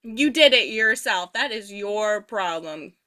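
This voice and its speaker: A woman voicing a signed personal anecdote as an interpreter, casual and animated, chuckling often. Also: mid-range voice, takes it slowly. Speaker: sign language voice interpreter.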